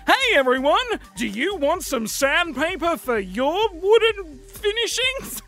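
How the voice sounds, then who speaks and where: A man hamming up a shouty cheesy ad announcer. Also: sing-song, slow pace, soft background music, exaggerated voice. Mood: hyped. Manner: shouting sales pitch. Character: loud cheesy male commercial announcer.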